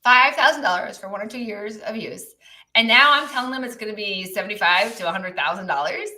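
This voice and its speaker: With a mid-range, sharp-toned voice and a fairly quick delivery, a business coach leads a livestream session. Having lived in many countries, she chats casually, reads the live chat, and keeps trailing off and restarting as she explains examples.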